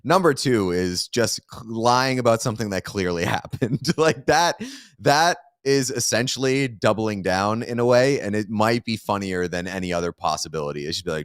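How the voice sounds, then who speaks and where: A man's voice: fairly low pitch, moderate pace, no room sound. A man co-hosting a sports podcast in casual chat, giving dry, wry commentary. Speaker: podcast co-host.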